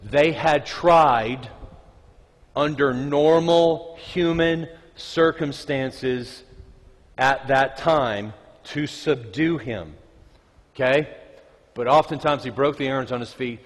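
In a reverberant church sanctuary, a man preaches at a slow pace with a mid-range voice. As pastor, he keeps the sermon conversational, reading scripture aloud and joking with his congregation.

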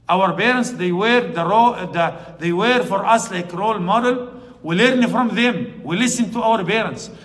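Man, Arabic accent, preacher, high voice, emotional storytelling sermon, long hall echo. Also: a bit bright. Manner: emotional storytelling, rising to emphatic exclamations. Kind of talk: sermon-style Quran commentary.

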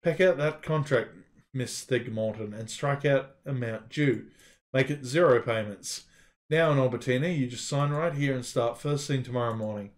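A man's voice: normal speed, natural voice. A man voicing a scheming male ox headmaster who purrs in a mild, girlish tone while reading a game's story aloud. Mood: purring. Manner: purring, syrupy, high girlish tone.

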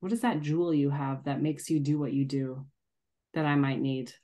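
Low-voiced woman hosting a discussion. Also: normal speed, dark tone. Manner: reflective, laughs easily. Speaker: group discussion host. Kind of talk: casual group conversation.

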